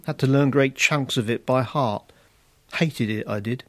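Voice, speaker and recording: A man's voice: medium pitch, measured pace, dry recording, lightly acted. A man reading as a blunt factory boss. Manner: plain reading, no accent attempted. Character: blunt middle-aged male factory boss.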